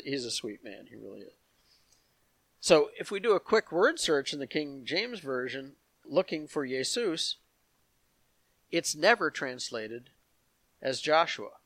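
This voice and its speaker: Here a man with a mid-range, slightly bright voice and no echo works through Scripture verse by verse. In an explanatory manner, he reads passages aloud and adds asides for his congregation.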